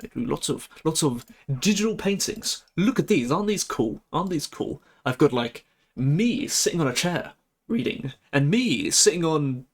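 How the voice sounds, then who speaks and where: A young man chatting on a live stream, excitable, giggly and stammering as he talks. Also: a little high, normal speed. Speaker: VTuber streamer. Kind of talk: casual live-stream chat.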